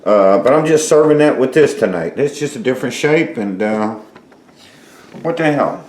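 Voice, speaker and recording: A middle-aged man hosting a home cooking vlog, chatting in a rambling, folksy way, swearing freely and filling pauses with lots of uhs. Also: medium pitch, expressive, a little mellow. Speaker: home cooking show host. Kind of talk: casual cooking vlog chat. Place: home kitchen. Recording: roomy echoey kitchen sound.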